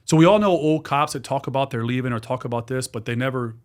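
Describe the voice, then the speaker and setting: Man in his forties, mid-pitched voice, lively podcast guest who repeats himself and swears. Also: quick pace. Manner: animated, repetitive, swears freely. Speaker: guest, dog trainer and business owner. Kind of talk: casual podcast storytelling.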